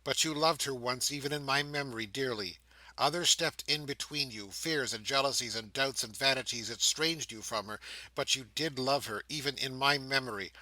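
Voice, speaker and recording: A man's voice: mid-range voice, normal speed, sharp tone, dry recording, poor audio. A man reading an audiobook, voicing a fallen young woman who pleads with tremulous grief. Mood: pleading.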